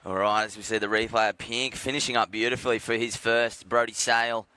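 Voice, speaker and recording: Male surf commentator, bright smooth voice, jokey live calls. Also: medium pitch, a little fast, no echo. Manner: jokey, self-deprecating, relaxed.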